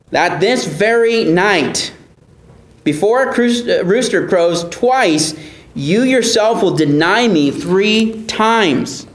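A man's voice: fairly high pitch, roomy sound. A man preaching an expository sermon, earnest and emphatic, repeating key phrases for weight. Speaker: pastor.

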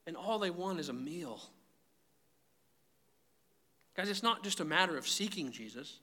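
A man's voice: on the high side, animated, unhurried, sharp tone. A man preaching a sermon, emphatic and direct, often calling his listeners "guys". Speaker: pastor.

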